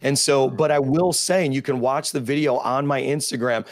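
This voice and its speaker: Male minister guest, mid voice, measured, emphatic. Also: medium pitch, fairly even intonation, dry recording, studio quality. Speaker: deliverance minister, panel guest. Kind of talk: panel discussion.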